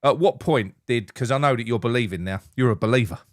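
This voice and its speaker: Man, casual football chat, sweary, joking, mid pitch, dry close sound. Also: quick pace, dry recording. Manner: blunt, sweary, laughing banter. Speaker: show host.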